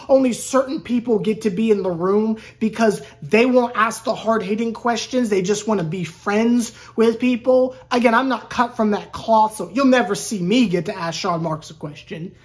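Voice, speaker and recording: A woman's voice: a little high, normal speed, few pauses, darkish tone. A woman sports YouTuber talking in a casual, rambling vlog rant. She is sarcastic and keeps restarting her sentences. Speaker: sports YouTuber covering a basketball team.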